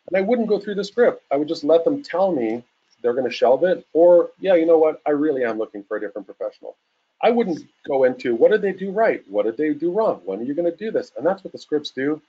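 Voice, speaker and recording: Husky man in his forties coaching. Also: medium pitch, fast talker, highs cut off. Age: 40s. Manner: casual, animated, acts out calls. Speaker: real estate coach. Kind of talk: webinar talk.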